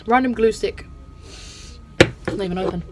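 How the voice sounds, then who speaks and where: A woman's voice: mid-range voice, moderate pace, background noise. A playful female host, casually commenting over gameplay with goofy sing-song bits and a habit of saying "bloody". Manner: self-censors swearing, says "bloody" a lot. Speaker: gaming channel host.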